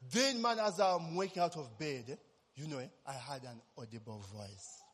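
A man's voice: medium pitch, lively intonation, measured pace, fairly bright tone, breathy edge, long reverb tail. A man, preaching a sermon as personal testimony, telling his story animatedly and constantly tossing in tag questions.

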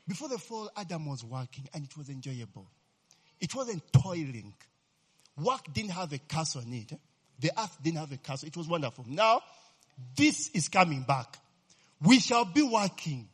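A man's voice: a little high, sing-song, unhurried, pauses often, breathy edge. A man preaching a sermon in a chatty, joking way, often asking "eh?" and "amen?" to keep his listeners engaged.

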